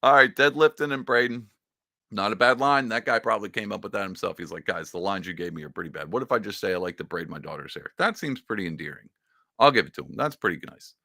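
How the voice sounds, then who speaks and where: A man's voice: on the low side, fast, gravelly, sharp tone, no echo, clean studio sound. A man hosting a casual reaction commentary, talking in a sarcastic, mocking and rambling way. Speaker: political commentary host.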